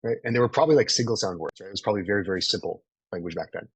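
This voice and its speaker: A man's voice: lowish voice, very fast, breathy edge, no echo, low-quality recording. A man in his thirties coaching a group in a live online training, casual and profane, always checking in with "right?". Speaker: sales coach.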